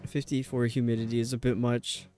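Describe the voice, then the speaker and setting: A man's voice: mid-range voice, little pitch movement, a little fast, mellow, soft background music. A male streamer chatting casually and rambling while he plays, answering his chat.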